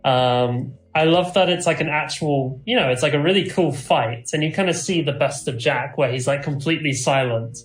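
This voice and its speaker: A man's voice: a little high, normal speed, hardly any pauses, echoey room, soft background music, poor audio. A man co-hosting a casual podcast, rambling and restarting his sentences, laughing easily. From half Scottish. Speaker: podcast co-host. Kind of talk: casual chat.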